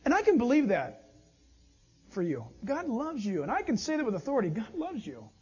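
A man preaching a sermon, his pitch leaping all over as he acts out small back-and-forth exchanges. His voice is high and a bit husky. The sound is dull and lo-fi. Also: a little fast. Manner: animated preaching, acts out little dialogues. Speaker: pastor.

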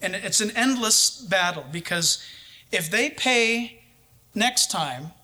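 High, bright-voiced man telling a story. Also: takes it slowly. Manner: lively anecdotal storytelling, chuckling at times. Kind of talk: storytelling in a sermon.

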